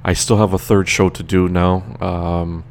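Deep-voiced Trinidadian man, tired and rambling. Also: flat delivery, a little slow, slight background noise. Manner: chatty, loose, laughs between remarks. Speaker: radio show host. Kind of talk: casual rambling monologue.

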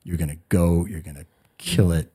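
Low husky-voiced storytelling man. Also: moderate pace. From United States. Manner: animated storyteller, acts out quotes. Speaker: guest. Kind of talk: storytelling in a podcast interview.

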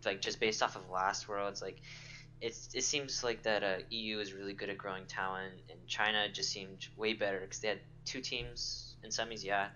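A man's voice: fairly low pitch, steady tone, normal speed, pushed and bright, slight background noise. A man calling in to a podcast, talking hesitantly with many fillers. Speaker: caller. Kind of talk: casual chat.

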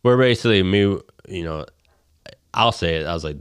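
Deep-voiced man, rambling profane storyteller. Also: moderate pace, clear, resonant tone, dry recording, studio quality. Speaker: guest telling a hunting story. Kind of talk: casual chat.

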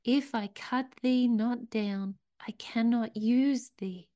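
A woman voicing the stern but loving master of a garden, who speaks gravely in archaic words, partly in a whisper. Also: a little high, steady tone, slow, mellow.

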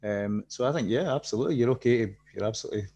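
A man's voice: medium pitch, racing, vocal fry, mellow, dull audio. A man hosting a podcast, asking long supportive questions with many restarts. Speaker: podcast host. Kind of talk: interview questions.

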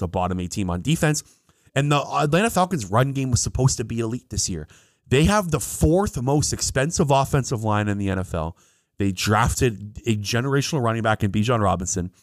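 A man co-hosting a casual sports podcast, animated and quick to laugh, often talking over his co-host. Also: fairly low pitch, dry recording, clean studio sound.

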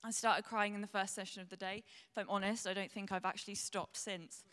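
A woman's voice: mid-range voice, steady tone, brisk, a bit bright. A young woman preaching a sermon, earnest and candid, tearful as she speaks. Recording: long hall reverb.

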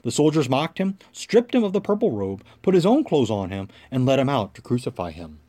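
A man reading scripture aloud as lector, in a measured, clear narrating voice. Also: mid-range voice, big pitch swings, mellow.

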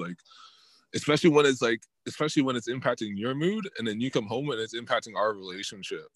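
A man's voice: medium pitch, fast talker, no echo. A man in casual chat, animatedly retelling an argument and acting out both sides, with streetwise slang. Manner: animated storytelling, acts out quoted arguments; streetwise slang, says yo and dog.

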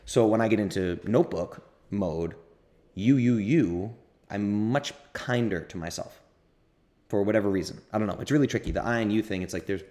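A man's voice: lowish voice, moderate pace, mellow. A man hosting a podcast, talking casually and candidly as he answers listener questions, often rambling and correcting himself. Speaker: podcast host.

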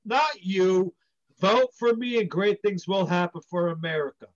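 A man's voice: high voice, a little slow. A man playing a flustered male vice president candidate who stammers when rattled, in an improvised comedy skit, on a dull lo-fi recording. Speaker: podcast co-host.

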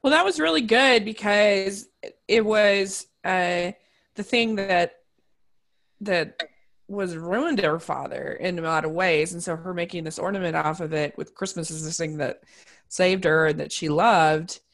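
A woman with a somewhat low voice hosts a casual podcast chat. She asks her questions with frequent pauses and "uh"s, and her tone stays relaxed and conversational. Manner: hesitant, many "uh"s, asks questions. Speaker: podcast host.

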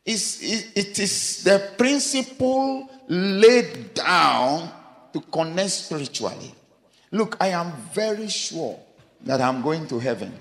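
A man preaching a sermon, emphatic, asking the congregation rhetorical questions and swinging between raised lines and low quiet asides. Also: big pitch swings, takes it slowly. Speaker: pastor. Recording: long hall reverb.

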